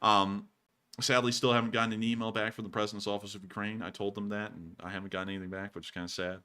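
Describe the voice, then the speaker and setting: A man's voice: on the low side, quick pace, clean tone. A man from the United States hosting a casual war news livestream, reading supporter messages and ranting with easy laughter. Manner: animated, rants and laughs easily. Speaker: war news show host.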